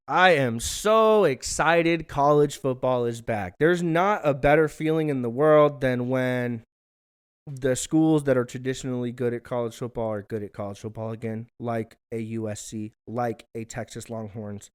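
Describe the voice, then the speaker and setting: A man's voice: medium pitch, a little slow, smooth. A young man hosting his own show from his living room, chatting loosely with lots of swearing and self-mocking asides. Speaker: podcast host. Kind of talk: casual solo vlog chat. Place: hot living room at home.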